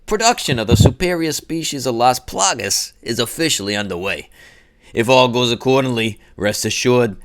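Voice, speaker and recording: A man's voice: mid-range voice, lively intonation, normal speed, close to an everyday voice. A man voicing a fawning female head researcher in a dramatic reading of a game file, gushing and laughing as he goes. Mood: adoring.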